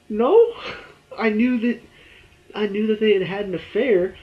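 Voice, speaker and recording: A young man giving a rambling, excitable spoken review of a TV show, full of fillers. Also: sits high, moderate pace, muffled recording.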